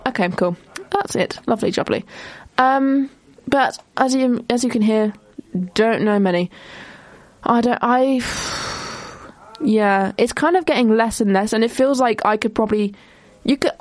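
A young woman hosting a casual solo podcast, chatty and rambling with quick asides and frequent self-interruptions. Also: a little high, dry recording. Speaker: podcast host.

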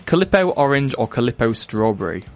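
A man's voice: mid-range voice, very animated, fairly quick, faint music behind. Playful young male radio host. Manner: playful, laughing, stumbles over words. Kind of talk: casual radio chat. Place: radio studio.

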